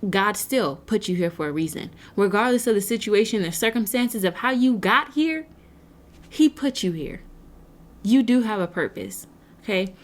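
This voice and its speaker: A woman's voice: medium pitch, animated, normal speed. A woman giving an earnest, faith-based motivational talk to camera, speaking to her viewers like a preacher and piling up rhetorical questions. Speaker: motivational speaker and nonprofit founder.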